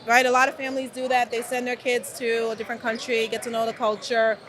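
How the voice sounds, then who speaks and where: A middle-aged woman talking in a casual interview, animated, often saying "right?" and "absolutely". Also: on the high side, fast, slight background noise. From United States. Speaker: guest.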